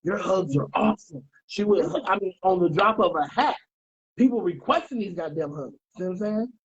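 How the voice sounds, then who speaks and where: A man co-hosting a podcast in casual chat, emphatic and quick to chime in with short agreements. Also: sits high, animated, husky. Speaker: podcast co-host. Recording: dull lo-fi audio.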